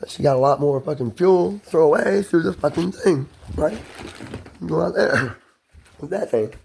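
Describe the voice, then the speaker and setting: A man's voice: mid-range voice, vocal fry, darkish tone, a little hiss or hum. A man talking alone in a loose, rambling, profane stream of thought, as in a self-recorded monologue. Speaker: solo monologue speaker.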